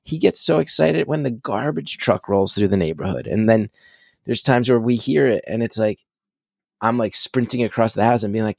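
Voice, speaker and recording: Brief: man in his thirties, low voice, excitable casual storyteller, dry close mic. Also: moderate pace, vocal fry, no echo. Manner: animated, excitable storyteller, swears freely. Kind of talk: casual conversation.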